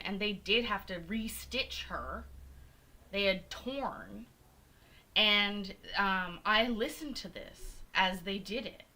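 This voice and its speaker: A woman's voice: mid-range voice, pushed and bright, rough recording. A young adult woman co-hosting a live show, telling a personal story in a candid, profane, emphatic way. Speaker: podcast co-host.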